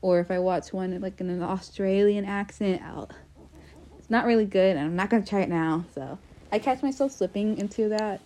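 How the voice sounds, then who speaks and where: With a medium-pitched, dark voice at a normal speed, a young American woman runs a laid-back solo podcast. She rambles, puts herself down, and keeps restarting and filling gaps.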